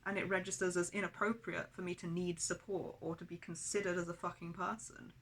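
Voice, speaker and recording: A woman's voice: on the low side, pushed and bright. A woman in an emotional personal vlog who talks angrily, swears heavily and speaks of herself as "we". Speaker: vlogger.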